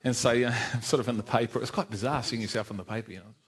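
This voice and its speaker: A middle-aged man tells his own story to a church congregation. His pitch sits in the ordinary middle range for a man. He pokes fun at himself, laughs often and acts out the dialogue in his story. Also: fairly even intonation, very fast. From New Zealand. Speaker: church speaker giving testimony. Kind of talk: personal testimony in church. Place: church service.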